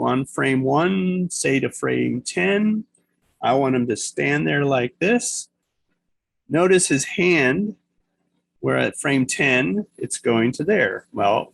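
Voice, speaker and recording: A man teaching an animation software class, rambling and thinking aloud as he works. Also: mid-range voice, gravelly, slightly rough, no room sound, low-quality recording. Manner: rambling, chatty, thinks aloud with laughs and sound effects. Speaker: animation instructor. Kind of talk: casual screen-recorded class demo.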